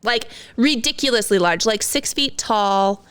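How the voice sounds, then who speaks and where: Female podcast co-host, smooth clear voice, playful and quick to laugh. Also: on the high side, expressive, fairly bright tone. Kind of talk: casual chat.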